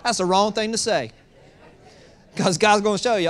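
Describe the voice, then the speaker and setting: A pastor preaching a sermon in a lively way, moving from loud excitement to hushed low tones and acting out voices with humor. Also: moderate pace. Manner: acts out quoted voices with humor.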